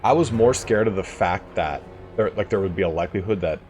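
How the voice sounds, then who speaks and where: A man with a deep, low-pitched voice talks through a strategy game in a loose, rambling let's-play style. He swears freely and chuckles often. Faint game music plays quietly behind him. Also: a little fast. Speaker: gaming video host. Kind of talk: casual let's-play commentary.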